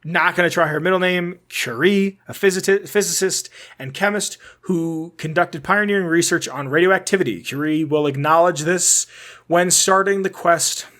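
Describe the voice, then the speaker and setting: A man's voice: sits high, moderate pace, fairly bright tone. Casual male podcaster reading lore notes. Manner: reads notes aloud, tripping and correcting words. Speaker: podcast host.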